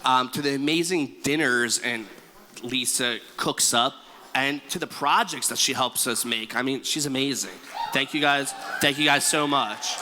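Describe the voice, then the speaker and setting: A man's voice: medium pitch, steady tone, moderate pace, crowd noise, background noise. A man in his twenties giving an exuberant, stumbling wedding thank-you speech as the groom in a reception hall. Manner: exuberant, stumbling, calls out to the room. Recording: echoey hall with faint ambience.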